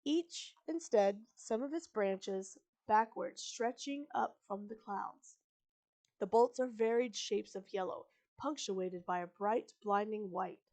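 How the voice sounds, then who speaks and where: A woman reading a book aloud on a live stream, pausing for chatty, digressive asides and correcting her own slips. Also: mid-range voice, a little mellow. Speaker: live-stream story reader.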